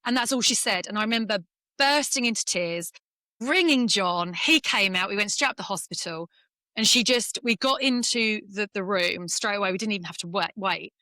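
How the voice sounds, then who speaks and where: A woman's voice: medium pitch, normal speed, bright, forceful tone, dry recording. A woman from England, a former golfer, candidly telling an emotional personal story in an interview, close to tears at times.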